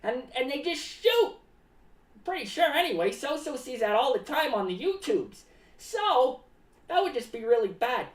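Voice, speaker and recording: A woman's voice: sits high, sing-song, normal speed, distant mic. A woman doing a zany rambling clown. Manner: talks about self in third person, rambling and zany. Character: rambling eccentric clown, paranoid about cats. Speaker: streamer in clown character. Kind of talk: live-stream clown character monologue. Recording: echoey room, voice away from the mic.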